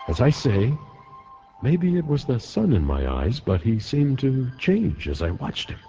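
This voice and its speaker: A man's voice: medium pitch, huge pitch swings, unhurried, mellow, soft background music. A man giving a dramatic reading of a wartime letter, with wide swings in his voice. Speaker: reader of a letter. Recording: dull lo-fi recording.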